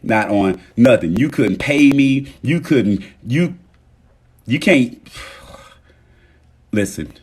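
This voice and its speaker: A man hosting a casual motivational livestream, talking straight to his viewers and thanking them, swinging between loud emphasis and soft murmurs. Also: medium pitch, slightly rough. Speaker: livestream host.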